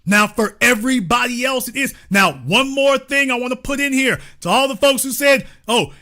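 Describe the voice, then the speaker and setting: Male host ranting in a commentary show, sarcastic and preachy, bright voice. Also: extremely high pitch, normal speed. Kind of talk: commentary monologue.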